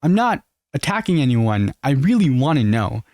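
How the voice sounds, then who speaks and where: A man's voice: medium pitch, very animated, moderate pace, a little mellow, no room sound. An American man giving earnest, opinionated reaction commentary, talking straight to his viewers. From United States. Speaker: commentary youtuber.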